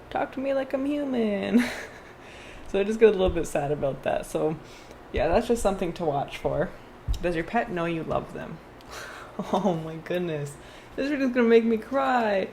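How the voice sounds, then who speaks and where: Young woman, tarot reader, rambling casual delivery, lowish voice, faint hiss behind. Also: a little mellow. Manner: chatty, rambling, with frequent fillers and restarts. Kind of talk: casual tarot reading vlog.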